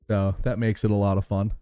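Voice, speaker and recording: A man's voice: on the low side, warm tone, clean tone, dry recording. A man streaming a game live, reading its dialogue aloud in a playful, chatty way, sometimes tripping over words and correcting himself.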